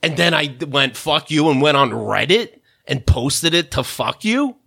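A man rants on a podcast, his voice swooping all over the place as he swears and vents. It has a bright, forceful edge that jumps from low grumbles up to shouts. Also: expressive, normal speed, creaky, breathy edge. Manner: exasperated, swearing, swinging between mutters and shouts. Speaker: podcast host. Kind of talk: profane comedic rant.

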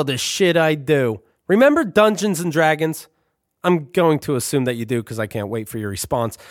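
A man's voice: fairly high pitch, no echo, clean studio sound. Wry man reading a memoir. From Brooklyn, New York. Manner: wry, profane, conversational. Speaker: narrator. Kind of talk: memoir narration.

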